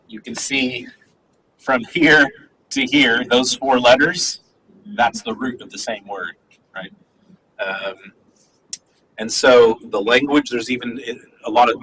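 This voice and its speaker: A man's voice: medium pitch, pushed and bright, a little hiss or hum, low-quality recording. A man teaching a class on a Bible passage, talking conversationally and checking in with "right?" as he goes. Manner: conversational, many fillers and "right?" asides. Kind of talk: classroom lecture on scripture.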